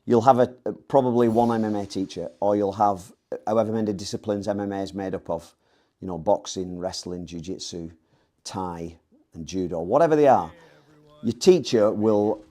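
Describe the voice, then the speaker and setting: Man explaining grappling breathing, low mellow voice. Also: normal speed. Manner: rambling, self-correcting explanation. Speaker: MMA coach. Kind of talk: casual instructional talk.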